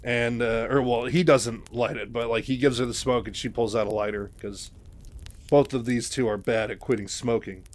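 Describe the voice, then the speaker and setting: A man's voice: medium pitch, fairly even intonation, moderate pace. Rambling casual male storyteller. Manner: rambling, many fillers and asides. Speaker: narrator retelling a novel.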